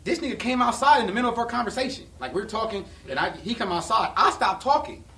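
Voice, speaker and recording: A man tells stories in a high, fast voice and gets loud and animated as he goes. He sits away from the mic in an echoey room, with faint ambience behind him. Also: far from the mic. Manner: animated, laughs and shouts while telling stories. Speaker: podcast guest. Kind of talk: casual storytelling.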